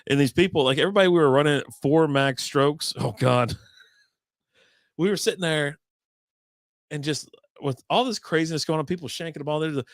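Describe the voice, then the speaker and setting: Guy on a podcast cracking up telling golf stories, kinda high voice, swears a lot. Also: a little fast, pauses often, no room sound, studio quality. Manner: laughing, animated storyteller acting out shouts, swears freely. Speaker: podcast co-host. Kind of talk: casual chat, storytelling.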